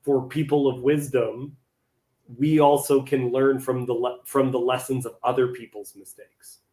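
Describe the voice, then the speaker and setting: A man's voice: medium pitch, flat delivery, measured pace, dark tone. A man hosting a casual group chat, talking reflectively in an easy conversational way. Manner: reflective, conversational, uses fillers like "like". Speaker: host. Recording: echoey room.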